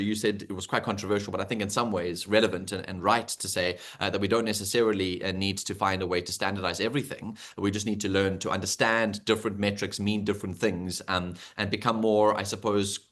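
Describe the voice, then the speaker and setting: Host: quick, low-voiced South African man running a video-call panel, chatty questions. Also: fairly bright tone. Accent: South African English. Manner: chatty, rambling questions with fillers. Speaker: panel moderator. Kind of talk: online panel moderation.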